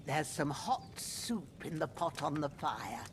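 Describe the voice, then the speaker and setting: A woman's voice: deep voice, animated, takes it slowly, slight background noise. A fussing old village healer woman. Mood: motherly. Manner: homely folksy dialect, fussing and motherly. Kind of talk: video game dialogue.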